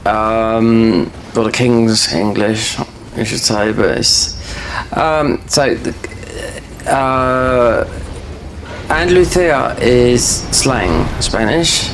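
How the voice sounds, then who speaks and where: A man with a gravelly, creaky voice chats while he plays a game. He drifts from story to story in loose, filler-heavy speech, with faint background sound behind him. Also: medium pitch, drawn-out words, a little hiss or hum. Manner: rambling, full of fillers and restarts. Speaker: gaming streamer. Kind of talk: casual chat while playing a game.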